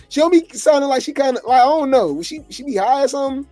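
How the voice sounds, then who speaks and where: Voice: mid-range voice, fast talker, few pauses, dark tone, no echo, soft background music. Laid-back rambling gossip host, dry sound. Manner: rambling, laid-back, chuckles often, many fillers. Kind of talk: casual reality TV commentary.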